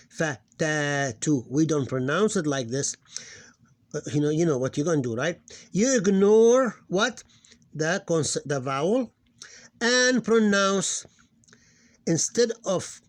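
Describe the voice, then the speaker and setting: A man teaching a casual recorded lesson, often hesitating, repeating words and slowing down to sound out syllables. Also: fairly high pitch. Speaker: Arabic teacher.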